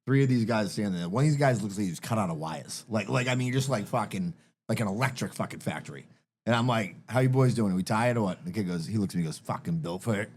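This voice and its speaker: A man's voice: fairly low pitch, animated, a little mellow. A man co-hosting a podcast, telling profane stories in casual chat. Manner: profane, storytelling, quick. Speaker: podcast co-host.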